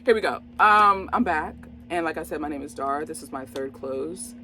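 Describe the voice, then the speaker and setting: A woman's voice: sits low, moderate pace, few pauses, music in the background. A woman hosting her own movie review channel, talking casually to camera in an exuberant, exclamatory way, laughing often and addressing viewers directly. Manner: chatty, talks straight to viewers.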